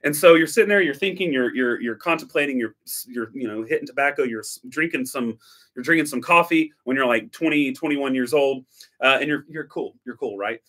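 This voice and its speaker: A man's voice: mid-range voice, fairly quick, fairly bright tone. Rambling, self-correcting man on a late-night stream. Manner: rambling, restless, with many self-corrections and asides; jokey, breaks into mock dialogue. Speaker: coffee educator hosting a stream. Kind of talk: late-night livestream chat.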